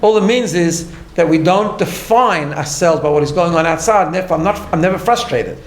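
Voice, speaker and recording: A man with a fairly high voice is teaching a class. He talks in an earnest, patient way and keeps checking in with his listeners. The sound carries a noticeable room echo. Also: fairly quick. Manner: earnest, explains step by step, tags lines with "right?". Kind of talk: recorded class lecture.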